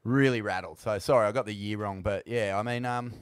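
A man hosting a casual interview, relaxed, with short murmured replies. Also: on the low side, a little fast, clean tone, no room sound, clean studio sound. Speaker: podcast host.

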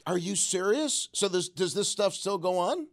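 A man's voice: high voice, animated, normal speed, vocal fry. A man hosting a call-in radio show, musing wryly and asking probing questions of callers. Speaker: radio talk show host.

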